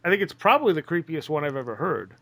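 A man's voice: a little high, very animated, no echo. A man hosting a radio talk show, reacting briefly to his guest and then reading the show's announcements. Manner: brief reactions, then a quick promo read. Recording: loud background noise.

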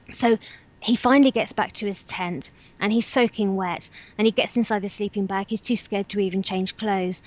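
Woman earnestly retelling an eyewitness story. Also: medium pitch. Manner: earnest, hesitant with fillers and restarts. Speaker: guest storyteller. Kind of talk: retelling a witness's account.

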